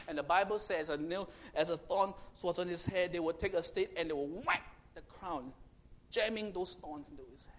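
A man preaching a sermon to children, storytelling dramatically and swinging between loud and hushed. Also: high-pitched, normal speed.

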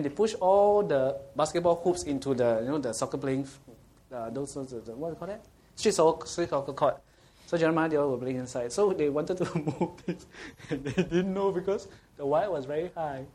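A man preaches with a voice sitting a little above the usual male range. He tells stories with laughter, then slows down to read scripture, and keeps asking the listeners questions. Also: a little high. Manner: anecdotal, animated preaching with laughter and rhetorical questions. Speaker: pastor. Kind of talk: sermon.

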